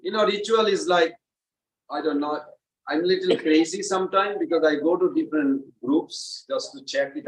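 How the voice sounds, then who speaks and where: A man teaching a devotional class in a temple, animated and asking the audience questions. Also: fairly high pitch, reverberant, distant mic, low-quality recording. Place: temple hall, indoors.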